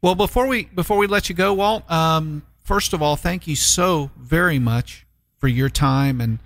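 A man's voice: fairly high pitch, measured pace, no room sound. A man hosting a radio show, with a hearty, folksy way of talking. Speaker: radio host. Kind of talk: casual radio chat.

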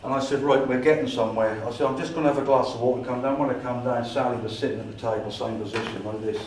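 A man, a paranormal investigator, telling an animated story at a society meeting and acting out his own dialogue. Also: mid-range voice, rapid-fire, a little hiss or hum. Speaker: paranormal investigator giving a talk. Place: meeting room. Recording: echoey room from far off.

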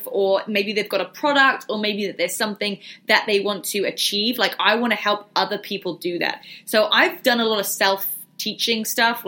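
A woman's voice: mid-range voice, pushed and bright. A young woman vlogger chatting casually and answering viewer questions in a livestream Q&A. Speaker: fitness and business vlogger.

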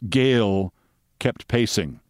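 A man hosting, giving a measured, wry reading of a short crime story aloud. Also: fairly low pitch, animated, smooth, no echo, clean studio sound.

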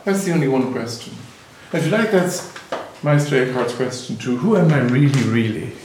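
A man with an Irish accent, a native Gaelic speaker, giving a reflective spiritual talk in a musing, gently humorous storytelling manner. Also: medium pitch, animated, moderate pace, a little hiss or hum. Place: hall with a live audience. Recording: very echoey hall, mic far off.

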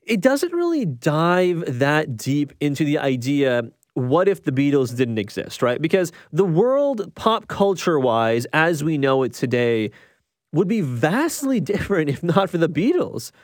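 A man talking through a movie review in a loose, chatty way, circling back and restarting his thoughts. His voice sits a little higher than most men's. The sound is close and dry, with no room around it. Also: big pitch swings, unhurried, no room sound. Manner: rambling, restarts a lot, chatty. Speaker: film reviewer.

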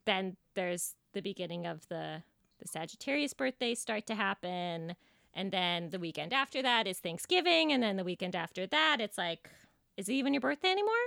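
A woman's voice: medium pitch, lively intonation, normal speed, gravelly, a bit bright, no room sound, clean studio sound. A woman co-hosting a podcast in playful, casual chat, with lots of "like" in her talk. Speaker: podcast co-host.

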